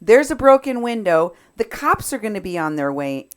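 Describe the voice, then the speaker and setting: A woman host breaking down audio clips in an animated, emphatic way. She builds each point with repeated phrases and quoted lines. Her voice sits in an ordinary middle register. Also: medium pitch, normal speed. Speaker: podcast host.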